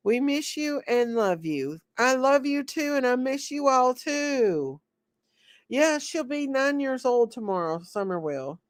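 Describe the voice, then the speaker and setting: A woman hosting a casual livestream while sick and short of breath, greeting viewers by name in slow, drawn-out, sing-song repeats. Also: high voice, big pitch swings, no room sound, studio quality. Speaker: livestream host.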